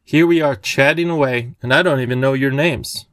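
A man voicing a cheerful, eccentric little old gentleman with a courtly, genial way of talking. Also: medium pitch, normal speed, dry recording, natural voice.

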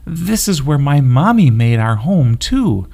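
A man's voice: mid-range voice, big pitch swings, a little slow, vocal fry, dark tone, voice pushed up, full character voice. A man voicing a small, frightened young bunny in a children's storybook, pleading and sleepy.

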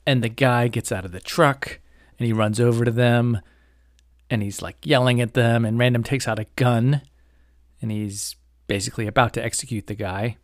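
In a dry, studio-quality recording, a podcast host with a steady, mid-range voice discusses a novel at a moderate pace. He is casual yet critical and opinionated, rambling along with plenty of fillers and hedges.

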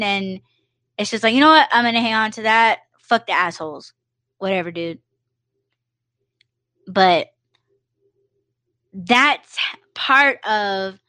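A woman's voice: medium pitch, bright, forceful tone, no echo. A woman hosting a live podcast, talking in a loose, rambling way, full of "you know", swearing freely and acting out little quoted exchanges. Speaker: podcast host. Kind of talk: casual livestream monologue.

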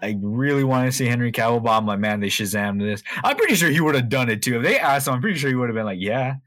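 Podcast co-host, man, mid-pitched voice, rambling and profane, dry close mic. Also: big pitch swings, rapid-fire, fairly bright tone, no echo. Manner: rambling, swears a lot, lots of fillers. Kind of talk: casual chat.

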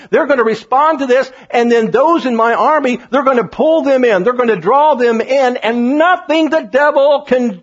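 A man's voice: very high voice, slightly rough, dull audio. A man preaching a sermon, reading scripture and building fervent, repetitive appeals to his listeners. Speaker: pastor.

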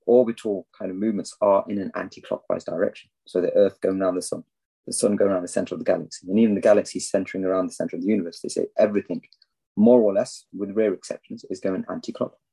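Low, mellow-voiced English-born man. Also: fast, creaky, slightly rough, low-quality recording. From England. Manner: animated storyteller, acts out quoted speech. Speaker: podcast guest. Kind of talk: storytelling in a casual interview.

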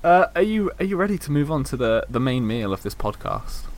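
Young guy hosting a podcast, teasing and laughing a lot, relaxed chat. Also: medium pitch, very noisy. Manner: playful, teasing, quick to laugh. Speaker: podcast host. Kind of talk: casual chat.

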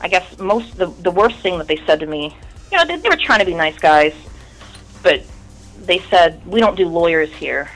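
A woman's voice: on the low side, expressive, moderate pace, faint music behind, rough recording. A woman in her thirties, a guest in an interview, telling her story in a candid, rambling way and swearing often.

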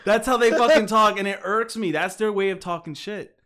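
A man's voice: high-pitched, a little fast, a crowd in the background. A man co-hosting a casual podcast, swearing freely and laughing often as he rants. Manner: profane, animated, laughing often. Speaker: podcast co-host.

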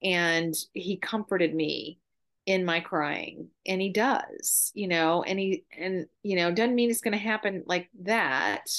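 Middle-aged female guest, earnest and heartfelt, lower register. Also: slow, a bit bright. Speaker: guest, mother. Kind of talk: casual conversation.

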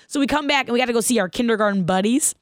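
A woman in her thirties hosting her own podcast, telling a personal story in an animated, casual way, laughing as she goes and asking listeners questions. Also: a little high, racing, no room sound, clean studio sound. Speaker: podcast host.

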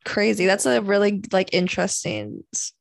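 A woman hosting a podcast in easy, chatty talk, her Australian accent light and soft. Her voice sits at an ordinary middle pitch and sounds close and dry, with no room around it. She laughs often and fills her sentences with "like.". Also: big pitch swings, normal speed, creaky, no room sound. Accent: mild Australian. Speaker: podcast host. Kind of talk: casual podcast chat.

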